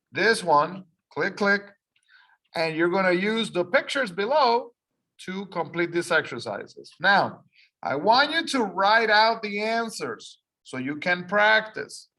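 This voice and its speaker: A Spanish-speaking English teacher leads an ESL lesson, reading aloud for repetition and patiently going over instructions step by step. Her voice is medium in pitch, sharp in tone, very animated, and slow.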